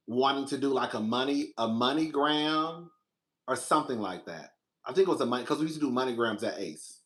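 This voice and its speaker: A young man, the show's host, casually telling a personal story, animated, jumping into a high voice when he quotes his own reactions.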